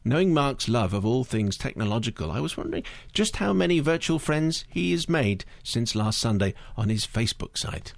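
A man hosting a radio show, reading listener letters and teasing his co-host. His delivery is dry and deadpan. He is recorded close in a dead studio with no room sound. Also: mid-range voice, moderate pace, creaky, hardly any pauses, dry recording.

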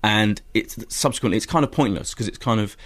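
Fast-talking male film critic. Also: fairly low pitch. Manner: quick, animated opinions with frequent restarts. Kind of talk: radio chart review chat.

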